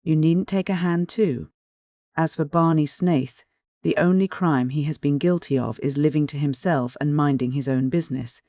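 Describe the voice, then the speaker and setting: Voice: medium pitch, animated, normal speed, a little mellow, dry recording, clean studio sound, natural voice. A reader voicing a defiant, outspoken young woman in an audiobook, with a tart, cutting delivery.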